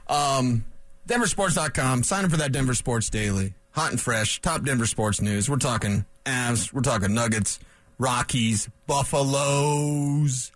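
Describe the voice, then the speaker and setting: A man's voice: medium pitch, measured pace, no echo. A man hosting a sports talk radio show in a studio, ranting and cracking jokes with rambling asides. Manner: animated, wisecracking, rambling asides.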